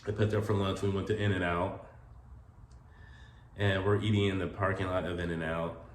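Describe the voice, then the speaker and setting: A man with a very low voice tells a personal story in a loose, rambling way, full of fillers and feeling. His voice sounds roomy, with faint ambient noise behind him. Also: level tone, normal speed. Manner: rambling, many "like" fillers, emotional. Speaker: vlogger telling stories about his late partner.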